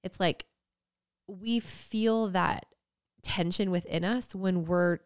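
A woman's voice: fairly low pitch, takes it slowly, clean tone, no room sound, studio quality. A woman in her thirties co-hosting a casual faith podcast, talking earnestly and reflectively with frequent "like" fillers. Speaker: podcast co-host.

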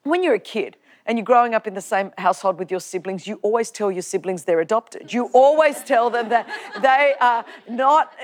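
A woman with an Australian accent giving a personal testimony talk, animated and humorous, acting out the lines she quotes. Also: fairly high pitch. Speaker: preacher.

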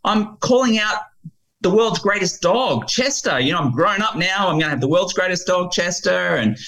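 Eager young boy, very high and bouncy, put on by a grown man retelling a film scene. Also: expressive, normal speed, pushed and bright, heavily acted, poor audio. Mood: excited. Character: excitable eight-year-old boy.

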